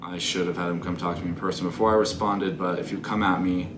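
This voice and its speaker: Deep-voiced young man telling a story. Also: fairly even intonation, quick pace. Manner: profane, candid, self-critical. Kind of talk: casual storytelling. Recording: echoey room with background noise.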